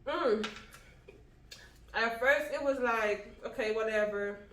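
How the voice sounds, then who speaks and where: A woman's voice: fairly high pitch, slow pace, a bit bright, a little hiss or hum. Chatty young Guyanese woman. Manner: laughs often, chatty. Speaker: vlog co-host. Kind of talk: casual mukbang chat. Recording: echoey room.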